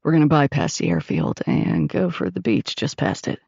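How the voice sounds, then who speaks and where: A woman voicing a cocky male wartime pilot who speaks in a low, steady, reassuring way. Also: normal speed, creaky, husky, no echo, dull audio, exaggerated voice.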